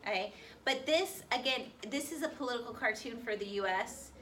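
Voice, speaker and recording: A woman's voice: on the high side, a bit bright. A woman teaching a history class, firing questions at her students. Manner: quizzes students with rapid questions. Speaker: high school history teacher. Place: school classroom. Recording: distant classroom recording, faint noise.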